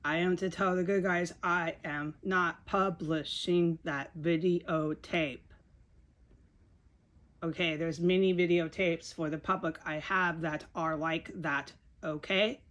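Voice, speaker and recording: A woman's voice: on the low side, steady tone, takes it slowly, a bit bright. A woman giving a rambling, frustrated video monologue, repeating herself and swearing often. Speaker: video blogger.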